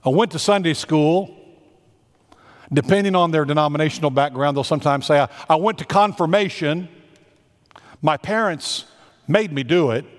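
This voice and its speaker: A man with a slightly high voice preaches a sermon as senior pastor. He is earnest and emphatic and slows right down on the words he wants to land. A long reverb trails each phrase, as in a big hall.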